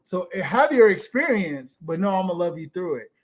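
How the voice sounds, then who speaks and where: A man's voice: sits high, big pitch swings, moderate pace. A man hosting a casual podcast chat, talking emphatically and repeating himself for stress. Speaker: podcast host.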